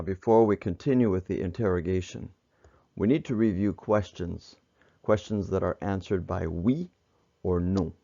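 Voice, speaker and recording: A man teaching French grammar in measured, explanatory narration. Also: sits low, gravelly, dark tone, highs cut off. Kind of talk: instructional narration.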